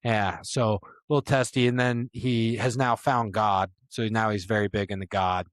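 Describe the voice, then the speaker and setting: A young man co-hosting a sports podcast, telling stories in loose, animated chat with laughs and swearing. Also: fairly low pitch, normal speed, dry recording, clean studio sound. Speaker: podcast co-host.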